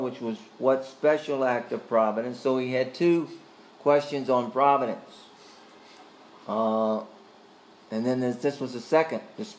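A man's voice: mid-range voice, darkish tone, slight background noise. Man questioning a catechism class. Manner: questioning, calls on students by name; hesitant, with frequent fillers. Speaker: teacher leading a catechism class. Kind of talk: Bible study teaching.

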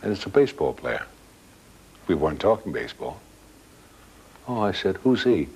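Older guy with a real low husky voice, telling a story, stops and restarts, quotes people. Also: big pitch swings, darkish tone, poor audio. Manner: plain-spoken, halting, with restarts and quoted dialogue. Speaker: guest storyteller. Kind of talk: casual spoken anecdote.

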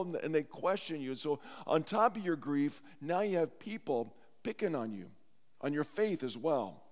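A man's voice: on the high side, big pitch swings, normal speed. A man preaching a sermon as pastor, earnest and heartfelt, in a church sanctuary. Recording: long church hall reverb.

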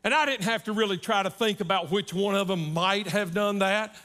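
A middle-aged man serving as guest preacher at a church service delivers a sermon full of personal stories, telling them in a folksy way and often checking in with "right?". His voice is high, his pace fairly quick, and his tone sharp.

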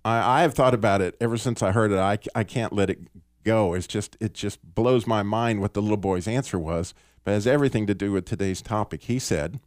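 A man hosting a Christian radio talk show, telling a story in an earnest, animated way with small restarts. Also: fairly low pitch, no room sound, studio quality. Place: radio studio.

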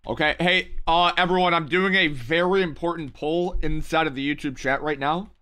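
A young man hosting a live gaming stream, excitable and rambling, forever saying "okay" and "bro". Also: a little high, moderate pace, clear, resonant tone. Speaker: streamer host. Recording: noisy game stream with gunfire. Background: gunfire from the game.

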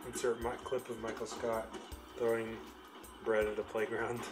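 A man's voice: lowish voice, completely flat delivery, moderate pace, loud music behind the voice. A man co-hosting a game playthrough in casual, joking banter, laughing often. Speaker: gameplay co-host. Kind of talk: casual let's-play banter. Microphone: desk microphone.

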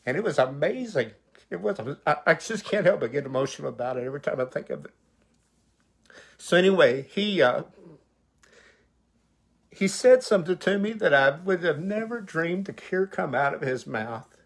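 Husky-voiced man preaching his testimony. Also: on the high side, expressive, normal speed, pauses often. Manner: emotional, vivid retelling with quoted dialogue. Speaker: pastor. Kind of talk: personal testimony storytelling.

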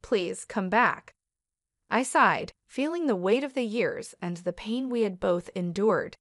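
Steady woman narrating a story. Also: mid-range voice, unhurried, dry recording, clean studio sound. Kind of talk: scripted first-person story narration.

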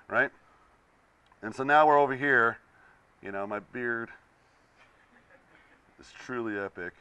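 A young man talks to a classroom of students in a casual, animated way, slipping into the voices of the people in his story. His voice is low-pitched but bright and forceful. The sound is dull and lo-fi. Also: normal speed, long pauses, clean tone, dry recording. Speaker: visiting concept artist. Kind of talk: casual talk to students while sketching.

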